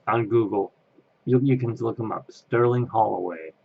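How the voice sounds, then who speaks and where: A man's voice: fairly low pitch, a little slow, gravelly, highs cut off. A man chatting casually on camera as an interviewee, rambling and laughing at himself. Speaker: Disney fan interviewee. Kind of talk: casual chat.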